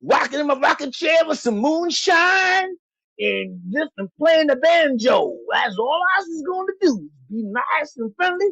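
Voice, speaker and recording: A man's voice: very high-pitched, very animated, measured pace, creaky, no room sound, muffled recording, voice pushed up, full character voice. A man putting on a servile, eager-to-please entertainer voice in an exaggerated drawl. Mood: mock-nervous. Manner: exaggerated drawl, loud then hushed.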